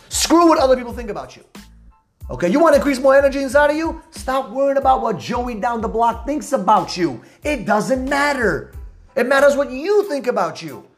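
Loud, pumped-up male podcast host. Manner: loud, high-energy, emphatic; repetitive, hype-driven street slang. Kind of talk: motivational podcast monologue.

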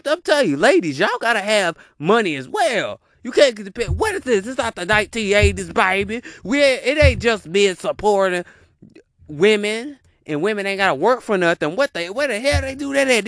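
Animated, heated man ranting. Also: high voice, no echo, clean studio sound. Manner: animated, profane, repeats punchlines. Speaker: commentator reacting to a video. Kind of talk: heated reaction rant.

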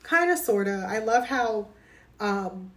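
A woman chatting casually as she recaps a soap opera, gossipy and animated, full of asides. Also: medium pitch, takes it slowly.

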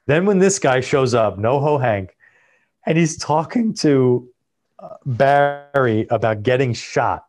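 A man's voice: mid-range voice, unhurried, a little mellow. A man co-hosting a podcast, talking enthusiastically in a casual, rambling way. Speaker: podcast co-host. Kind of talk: casual chat.

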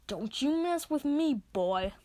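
A woman's voice: medium pitch, steady tone, takes it slowly, no echo, close to an everyday voice. A woman doing a sneering drunk biker. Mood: angry. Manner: bellowing, sneering. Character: hulking drunk biker, belligerent and rude.

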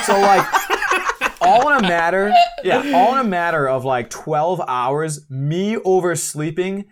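A man's voice: sits high, moderate pace, slight background noise. A man in his twenties, a podcast guest, telling a story in casual chat, acting out quotes and laughing at himself. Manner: animated, acts out quotes, swears, laughs at himself.

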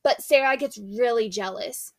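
A woman's voice: fairly high pitch, normal speed, no room sound. A young woman giving a casual devotional talk, earnest and chatty, retelling scripture in a slangy storytelling way. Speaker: faith speaker.

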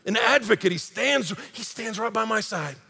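A man preaching a sermon, impassioned, swinging between loud emphasis and hushed intensity. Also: sits high, expressive, normal speed, vocal fry, slightly rough. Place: large church sanctuary. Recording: long hall reverb.

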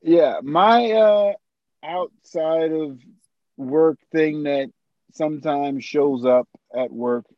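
A man's voice: on the high side, takes it slowly, dry recording, highs cut off. A man hosting a podcast, playfully teasing and pushing his guests in casual chat. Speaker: podcast host.

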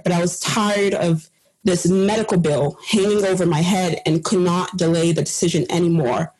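Husky woman telling a personal story. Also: medium pitch, fairly quick, rough recording. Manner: earnest and animated, with laughs while telling the story. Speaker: podcast team member sharing a personal story.

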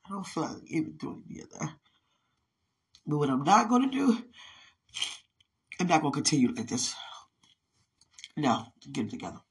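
A woman's voice: low voice, sing-song, moderate pace, pauses often, husky. A woman rambling to herself in an emotional monologue, sighing and praying aloud as she talks. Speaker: mother talking to herself.

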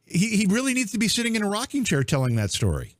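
A man hosts a casual podcast panel. His somewhat high voice jumps around a lot in pitch. The sound is close and dry. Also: quick pace, dry recording. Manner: lively, animated, chuckling. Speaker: podcast host.

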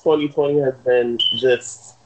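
A man's voice: mid-range voice, steady tone, background noise. A man co-hosting a casual podcast over an internet call, teasing and joking as he opens the show. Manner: playful, teasing, drawn-out intros. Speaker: podcast co-host. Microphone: remote call, Skype.

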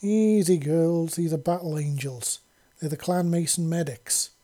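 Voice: mid-range voice, little pitch movement, fairly quick, warm tone, lightly acted. A narrator doing a joking young alien soldier. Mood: urgent. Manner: joking, light-hearted.

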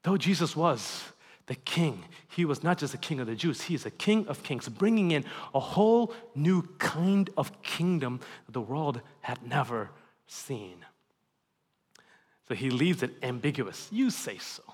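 Man, pastor, sermon, animated, emphatic then hushed, high-pitched, long hall reverb. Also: unhurried, husky.

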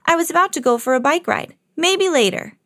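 A woman voicing a busy, friendly young girl cat in a storybook, talking quickly and breezily. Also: high voice, lively intonation, a bit bright, no room sound, studio quality, pitched above the performer's own voice. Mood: breezy.

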